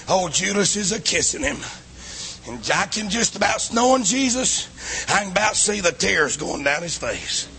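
A man preaching a fiery sermon, with rural dialect and a chanting, drawn-out cadence. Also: high voice, big pitch swings, creaky, sharp tone, a little hiss or hum. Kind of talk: shouted revival sermon.

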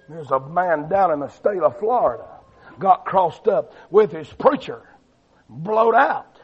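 A man preaching a fiery revival sermon, swinging between loud shouting and low, quiet delivery. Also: lively intonation, unhurried, breathy edge. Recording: dull lo-fi recording.

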